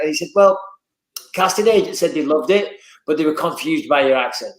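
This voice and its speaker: A man from England with a Northern English accent, telling animated stories and swearing freely as a guest in casual chat. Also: a little high, quick pace, echoey room, rough recording.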